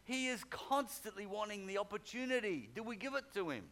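A man's voice: high-pitched, lively intonation, brisk, fairly bright tone. A man preaching a sermon in a conversational way, often repeating phrases for emphasis.

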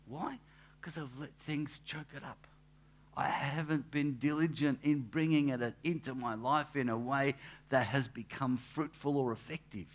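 A man, a pastor giving a relaxed, anecdotal sermon in church, with asides and restarts. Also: on the high side. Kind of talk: conversational sermon.

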